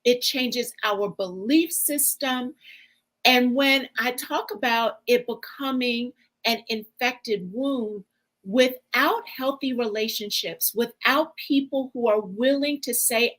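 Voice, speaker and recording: A woman coach explaining her ideas in a slow, deliberate interview. Her voice sits a little high, and she takes her time over each point. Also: a bit bright, rough recording. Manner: measured, explanatory. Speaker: guest speaker, relational coach. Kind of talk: interview answer.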